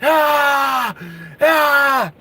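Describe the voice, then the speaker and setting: A man voicing a defiant young man who shouts in anger and grief. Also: extremely high pitch, steady tone, drawn-out words, voice pushed up, exaggerated voice. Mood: anguished. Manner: shouting, desperate.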